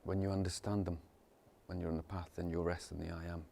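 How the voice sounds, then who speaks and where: Low-voiced man giving a rambling meditation talk. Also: level tone, fast, gravelly, dark tone, a little hiss or hum. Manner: chuckles often, repeats phrases, mimics people in sudden high voices. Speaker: meditation teacher. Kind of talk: informal spiritual talk.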